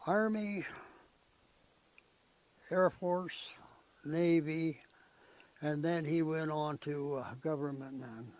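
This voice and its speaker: A man's voice: fairly high pitch, slow, long pauses, darkish tone, no room sound, rough recording. An older man, telling family stories in a rambling, folksy way and often tagging his sentences with "eh?". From Canada. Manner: rambling, folksy storytelling with frequent "eh?" tag questions. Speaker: interviewee. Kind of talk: storytelling in conversation.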